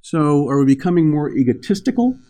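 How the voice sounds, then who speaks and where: A man's voice: on the high side, sing-song, fairly quick, mellow. An older man giving a morning spiritual talk, rambling and telling a story with small laughs. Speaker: spiritual teacher.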